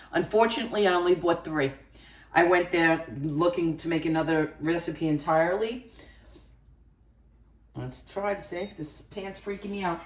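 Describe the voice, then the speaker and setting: A chatty woman hosts a home cooking video, musing aloud and wandering into side stories while she works. Her voice sits a little low and comes from some way off the mic, ringing in a roomy, echoey kitchen. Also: recorded from a distance. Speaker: cooking channel host. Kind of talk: casual cooking vlog chat.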